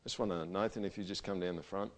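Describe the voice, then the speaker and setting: A man preaching a sermon to a church gathering. He talks conversationally and swings between loud emphasis and quiet, intimate passages. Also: low voice, steady tone, fast talker. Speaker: pastor.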